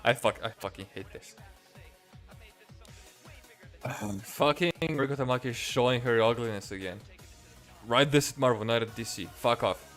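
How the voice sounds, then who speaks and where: A man's voice: medium pitch, moderate pace, pauses often, a bit bright, soft background music. A man reviewing comics in a profane, exasperated and sarcastic rant.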